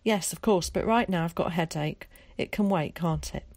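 A woman's voice: lowish voice, moderate pace, a little mellow, no room sound. A woman voicing a stern, pious mother who is cold, suspicious and reproachful in a storybook reading. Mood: forced sweet. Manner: clipped, reproachful, preachy.

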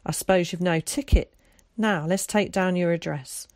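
A woman voicing a weary, gruff but kindly middle-aged male ticket man who asks questions. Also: fairly low pitch, normal speed, darkish tone, no room sound, studio quality, close to an everyday voice.

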